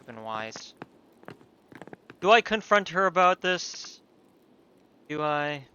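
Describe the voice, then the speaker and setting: A man giving sweary, animated gameplay commentary with laughing asides. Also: a little high, slow, smooth, dull audio. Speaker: let's play streamer.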